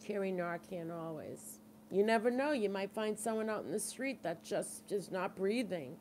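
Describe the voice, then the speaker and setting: A woman's voice: medium pitch, moderate pace, a little mellow, a little hiss or hum. Boston-accented woman in her middle years doing a casual live chat, reads out comments, keeps saying don't give up. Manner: chatty, reads out and answers viewer comments; earnest, urging and reassuring. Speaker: livestream support group host.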